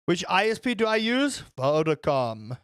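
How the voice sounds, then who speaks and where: Young male streamer with a fairly high voice, rambling and swearing while he chats over gameplay. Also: big pitch swings, a little slow, a bit bright, clean tone, no echo, studio quality. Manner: rambling, swears, answers chat and reacts to the game. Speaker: livestreamer. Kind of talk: casual gaming stream chat.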